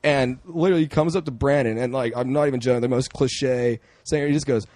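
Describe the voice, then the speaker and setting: A young man from Central Oregon, a podcast guest chatting casually, relaxed and full of fillers. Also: medium pitch, dry recording. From Central Oregon, USA. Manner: relaxed, many fillers and restarts, quick bursts. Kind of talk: casual chat.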